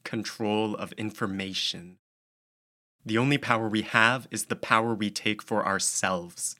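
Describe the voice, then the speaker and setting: A man's voice: on the low side, a little slow. A man reading an audiobook, voicing a young woman who speaks firmly with no anger in her voice. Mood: cold. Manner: flat and firm, without anger. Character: cold, calm girl, firm and unemotional.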